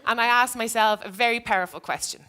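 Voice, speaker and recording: Her voice sits on the high side, fast, pushed and bright, with a clear, resonant tone. The former teacher speaks earnestly and reflectively to an audience, recounting a classroom story.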